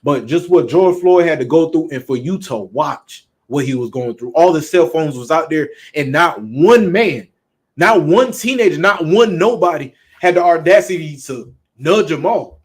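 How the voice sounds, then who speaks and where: A street preacher with a Southern US accent and a fairly high voice preaches at a moderate pace. His delivery is blunt and emphatic, with frequent profanity.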